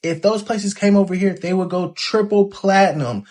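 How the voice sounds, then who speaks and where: A man's voice: high voice, normal speed, darkish tone, close to an everyday voice. A man playing a young British man who apologetically gushes about American restaurants in a comedy sketch. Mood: gushing. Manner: apologetic, gushing.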